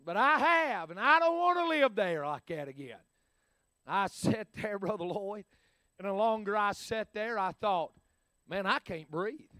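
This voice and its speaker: A middle-aged man preaching a storytelling sermon, folksy and animated, swinging from loud to hushed. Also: high-pitched, unhurried, no room sound, studio quality.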